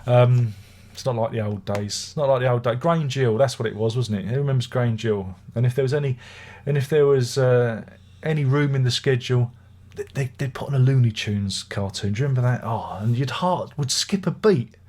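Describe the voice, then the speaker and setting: A husky-voiced middle-aged man talks through a music review in a loose, rambling way. His chest sounds rough from being unwell, and he slips into wry, grumbling asides. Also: medium pitch, brisk, darkish tone. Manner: chatty, wry, grumbling anecdotes. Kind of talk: casual rambling review monologue.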